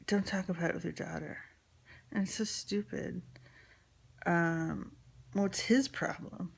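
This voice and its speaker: A woman's voice: lowish voice, steady tone, unhurried, vocal fry, husky. A woman in her forties from New York telling a personal story in a frank, rambling way with lots of fillers and swearing.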